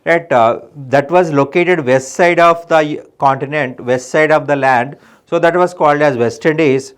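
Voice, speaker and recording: A middle-aged man with an Indian English accent teaches an exam revision lesson. His voice is smooth and clear, pitched a little high for a man, and he repeats points emphatically, often asking "right?". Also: a little slow. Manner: repetitive, emphatic, frequent "right?" checks.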